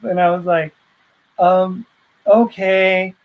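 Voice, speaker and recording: A woman's voice: low-pitched, fairly even intonation, slow, muffled recording. A woman vlogger telling a personal story in a heartfelt, rambling way, full of fillers and restarts.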